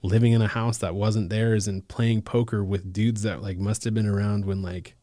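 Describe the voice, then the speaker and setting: A man from Alaska with a lowish voice talks through his past in an easygoing podcast chat. His speech is loose and slangy, packed with "like" and "bro", and he laughs easily. The close mic sounds dead dry. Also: little pitch movement, normal speed, warm tone, no room sound. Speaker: case manager, podcast guest. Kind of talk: casual storytelling chat.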